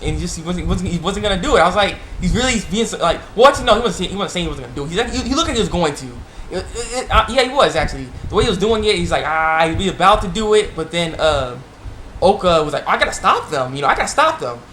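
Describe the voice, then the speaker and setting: A young man casually recapping an anime episode in a rambling, animated way, laughing and jumping higher when he quotes the characters. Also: quick pace. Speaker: anime reviewer. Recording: echoey room with faint background noise.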